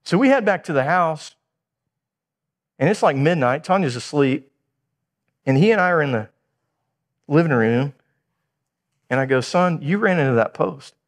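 A middle-aged man preaching a sermon, telling a family story with lively acted-out dialogue. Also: on the high side, normal speed, long pauses. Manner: animated storytelling, acting out dialogue. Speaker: pastor.

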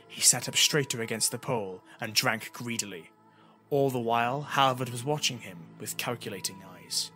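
A man reading an audiobook chapter as narrator, in an even storytelling manner. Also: medium pitch. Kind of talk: scripted narration.

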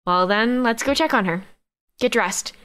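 A woman reading a brisk young friend. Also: on the high side, fairly bright tone, clean tone. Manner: brisk, take-charge. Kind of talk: audiobook character reading.

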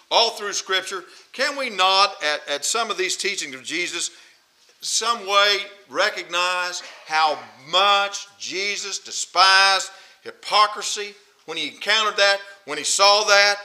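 A man's voice: high voice, bright, forceful tone, poor audio. A man preaching a sermon, emphatic and repetitive, who presses his points with rhetorical questions. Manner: emphatic, repeats phrases, asks rhetorical questions.

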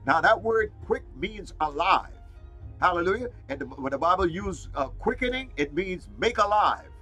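Fired-up male preacher, bright and husky, keeps shouting out praise between points; faint music underneath. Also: sits high, expressive, normal speed, rough recording. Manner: exclaims "Glory to God" and "Hallelujah" often; fired up, repeats phrases for emphasis. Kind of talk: fiery Pentecostal sermon.

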